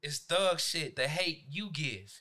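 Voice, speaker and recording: High bright-voiced man ranting animatedly. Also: lively intonation, takes it slowly. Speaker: teacher and podcast co-host. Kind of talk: casual podcast chat, telling a story.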